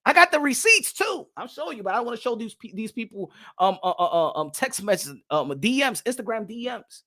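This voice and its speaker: A man from New York whose first language is Spanish, hosting a boxing talk show and ranting passionately to his panel, repeating himself and shouting at times. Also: very high voice, very animated, fairly quick. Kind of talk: livestream panel monologue.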